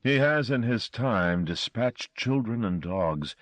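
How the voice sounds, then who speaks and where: A man reading an audiobook voices a politely menacing European male stranger who speaks slowly and courteously. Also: mid-range voice, lively intonation, dry recording, voice pushed up. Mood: polite menace. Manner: slow, courteous, measured.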